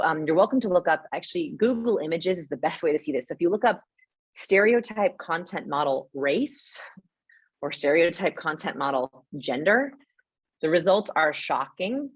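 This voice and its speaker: A young adult woman answering webinar questions as a guest expert, animated and explanatory, often checking in with "right?". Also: low-pitched, breathy edge, no echo. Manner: animated, explains with quick asides and rhetorical "right?". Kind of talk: live webinar Q&A.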